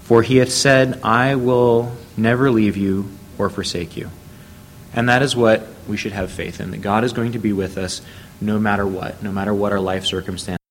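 Man preaching a measured sermon, lowish voice. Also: fairly even intonation, slight background noise. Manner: measured storytelling, quoting scripture.

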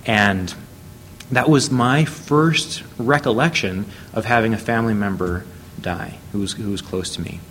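A man preaching a sermon, telling a Bible story at a measured pace and reading scripture aloud. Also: lowish voice, a bit bright, slight background noise.

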